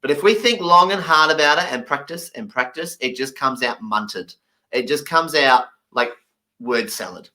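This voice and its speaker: A man voicing a stand-up comedy routine in a lively, emphatic, playful way. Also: medium pitch, normal speed.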